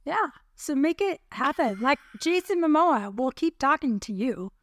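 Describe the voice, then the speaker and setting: A woman's voice: high-pitched, animated, unhurried. A middle-aged woman co-hosting a podcast in casual, playful, self-mocking chat. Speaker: podcast co-host.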